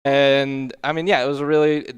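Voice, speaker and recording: A man's voice: mid-range voice, level tone, moderate pace, clear, resonant tone, dull audio. A young man opening up in a personal chat, emotional and sincere. He hesitates and restarts often while he finds his words.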